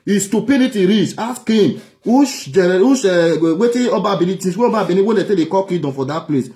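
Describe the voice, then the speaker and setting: A man's voice: high-pitched, lively intonation, a little fast, darkish tone. A Nigerian man from Nigeria delivering a heated political rant as an online broadcaster, angry, mocking and repeating himself.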